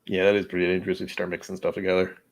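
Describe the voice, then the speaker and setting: A man's voice: low voice, completely flat delivery, rapid-fire, creaky. A man hosting a casual livestream who rambles in a self-deprecating way and often restarts his sentences. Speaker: host of a whisky livestream.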